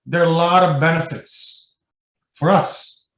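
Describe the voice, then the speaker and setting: A man's voice: a little high, steady tone, unhurried, a bit bright. A man giving a spiritual lecture as guest speaker, telling stories loosely with many fillers and restarts. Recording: echoey room, mic at a distance.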